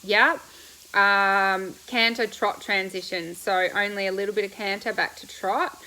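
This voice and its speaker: This low-quality recording, with slight background noise, captures a woman whose medium-pitched voice is steady yet sharp. She's on a coach hosting a casual live Q&A, answering viewers between bites of breakfast in a bubbly, talkative way, full of quick laughs and rambling replies.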